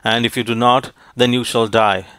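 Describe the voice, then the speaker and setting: A cruel male demon king issuing threats, read by a male narrator. His lines come flat and unhurried, in a smooth, dry voice. It sounds like a storybook reading. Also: medium pitch, no echo, natural voice. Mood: threatening.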